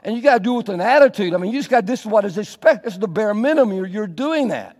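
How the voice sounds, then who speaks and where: Man doing indignant disciples, brisk, scolding, loud, long church echo. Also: high voice, animated. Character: indignant group of disciples, adult men.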